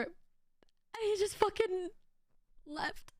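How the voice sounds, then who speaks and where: A young woman with a high voice tells a story on a stream, animated, laughing often, and swearing freely. She trips over her words and restarts often. The sound is close and dry. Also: very slow, pauses often, no echo. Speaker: VTuber streamer. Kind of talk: casual storytelling.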